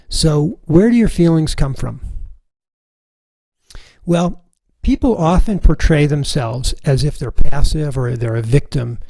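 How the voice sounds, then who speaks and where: Middle-aged male workshop teacher, gravelly and warm, calm and deliberate, dry close sound. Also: mid-range voice, no room sound, poor audio. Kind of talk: recorded course lesson.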